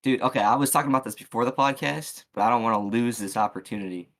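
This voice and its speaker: A man's voice: medium pitch, fast talker, a bit bright. A teenage man co-hosting a podcast, blunt and skeptical as he ribs the others. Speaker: co-host. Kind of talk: casual podcast chat.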